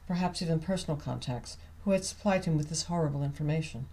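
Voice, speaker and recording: Mellow, unhurried male author narrating. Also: fairly high pitch. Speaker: author reading his novel. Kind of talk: audiobook narration.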